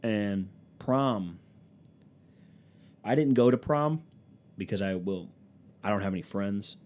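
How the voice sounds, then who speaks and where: A man's voice: fairly low pitch, expressive, takes it slowly, darkish tone. A young man with a stuffy nose from allergies, rambling through a sarcastic, profanity-laced comedic monologue. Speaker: vlogger.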